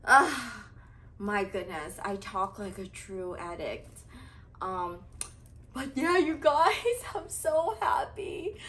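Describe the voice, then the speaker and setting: A woman vlogger gushing over a purse she is unboxing, talking excitedly with lots of fillers and breathless exclamations. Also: mid-range voice, slow. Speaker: fashion vlogger.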